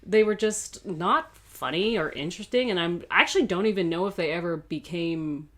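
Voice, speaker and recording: A woman hosting a casual film review chat, animated and swearing, breaking into quick voices of the characters. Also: on the low side. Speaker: video host.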